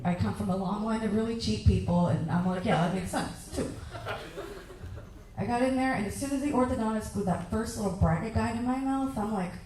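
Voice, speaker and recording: A young woman performing a stand-up comedy set on a club stage, ranting in lively bursts and shouting her acted-out asides. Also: on the high side, fast talker, hardly any pauses, distant mic, a little hiss or hum. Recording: echoey club room heard from afar.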